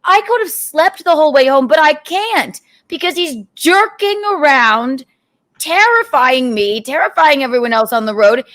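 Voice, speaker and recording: A woman's voice: high-pitched, expressive, moderate pace, fairly bright tone. A woman, the host's partner, teasing him with exasperated, laughing complaints. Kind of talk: casual teasing chat.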